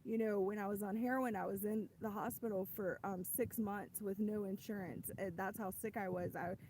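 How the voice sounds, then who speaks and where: A woman's voice: medium pitch, fairly even intonation, normal speed, a little mellow, a little hiss or hum, rough recording. A woman telling her personal faith testimony in a casual, earnest way, rambling with many restarts. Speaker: ministry host giving a testimony.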